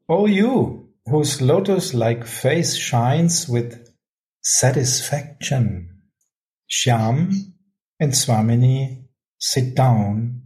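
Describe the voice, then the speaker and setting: A man reading a devotional text aloud in a measured, careful way. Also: mid-range voice, warm tone, poor audio. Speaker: reader of scripture.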